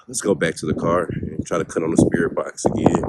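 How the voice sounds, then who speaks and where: A man, ghost hunting in a windy cemetery, slowly calling out names and talking to spirits. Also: rumbling low, steady tone. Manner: slow, reads out gravestone names, talks to spirits. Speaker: paranormal vlogger. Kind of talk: casual ghost-hunting vlog. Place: cemetery outdoors at night, windy. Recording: loud wind noise outdoors.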